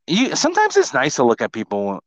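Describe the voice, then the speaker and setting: A man co-hosting a podcast in casual chat, joking and teasing and often jumping into high mock voices. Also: wildly swooping pitch, a little fast, crowd noise. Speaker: podcast co-host.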